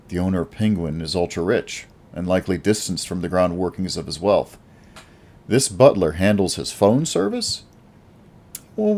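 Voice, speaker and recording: A man reads a first-person action story aloud with a wry, lively storyteller's delivery. His voice is very low and sits deep in the chest. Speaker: audiobook narrator. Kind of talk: first-person audiobook narration.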